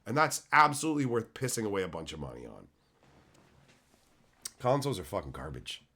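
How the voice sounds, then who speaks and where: A man's voice: on the low side, huge pitch swings, fairly quick, bright, forceful tone, husky. A man in his thirties from Canada, ranting on his stream with heated sarcasm and constant swearing. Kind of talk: profane ranting.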